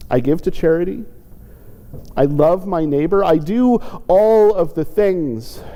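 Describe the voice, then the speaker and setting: Guy preaching a thoughtful sermon, fairly high voice, echoey sanctuary. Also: measured pace, dark tone. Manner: reflective, acts out quoted pleas with lifted pitch. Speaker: pastor. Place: church sanctuary. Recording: church sanctuary with long reverb.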